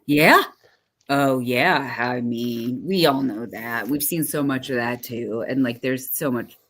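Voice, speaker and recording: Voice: mid-range voice, takes it slowly, a bit bright. Rambling live-stream co-host. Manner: rambling, laughing and filling with "like". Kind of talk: casual chat with live chat.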